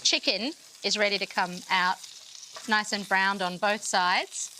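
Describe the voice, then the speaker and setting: A woman's voice: mid-range voice, unhurried, pushed and bright, slight background noise, poor audio. A woman hosting a cooking show, walking through each cooking step while asking her guest questions.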